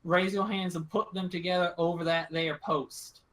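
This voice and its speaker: A man's voice: high-pitched, steady tone, normal speed, a bit bright. A man voicing a suspicious, armed backwoods woman who speaks in a threatening folksy drawl, in a tabletop game. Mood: commanding.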